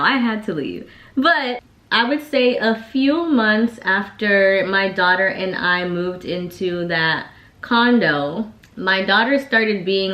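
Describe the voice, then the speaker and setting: A woman's voice: mid-range voice, fairly bright tone. A woman vlogger telling a personal story in a casual, chatty way, full of "like" fillers. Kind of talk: casual storytime while getting ready. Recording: echoey room.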